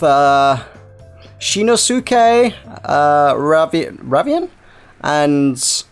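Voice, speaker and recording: A man narrating a game reading in a playful, rambling way, his voice fairly high and swooping through a lively range. Jokey asides pile up as faint game music plays underneath. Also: clear, resonant tone. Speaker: host reading a visual novel. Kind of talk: playful let's-play narration.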